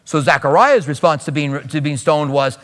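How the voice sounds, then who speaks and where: A man teaching from the pulpit, his fairly high voice ringing out with a long reverb trail around it. He reads scripture passages aloud and then breaks off to comment on them in a conversational way. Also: normal speed, fairly bright tone. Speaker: pastor. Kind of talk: sermon teaching.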